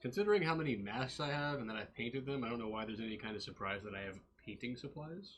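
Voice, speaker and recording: A man's voice: medium pitch, lively intonation, fairly bright tone, slight background noise. A man co-hosting a casual livestream, talking bluntly and with strong opinions. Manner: blunt, opinionated, quick talker. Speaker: livestream co-host.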